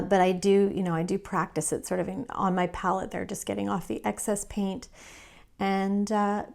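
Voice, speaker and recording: A woman's voice: medium pitch, gravelly, a little mellow. A woman giving a casual painting tutorial, chatty and playful, often laughing and joking at her own expense. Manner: chatty, playful, quick to laugh, self-deprecating. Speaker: painting instructor.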